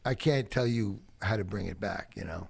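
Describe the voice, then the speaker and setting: A man, a podcast guest telling profane, animated stories. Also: lowish voice, moderate pace, creaky, husky. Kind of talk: storytelling chat.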